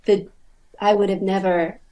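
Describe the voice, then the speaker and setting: A woman player at a tabletop game talks slowly and casually, pausing and restarting as she goes. Her pitch sits in the middle. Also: flat delivery, warm tone. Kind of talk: tabletop role-play.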